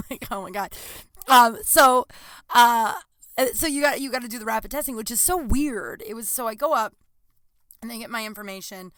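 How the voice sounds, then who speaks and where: Bright, dry-voiced woman podcasting casually. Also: fairly high pitch, a little fast, no echo. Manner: rambling, profane, animated storytelling with frequent laughs. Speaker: podcast host. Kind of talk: casual solo podcast chat.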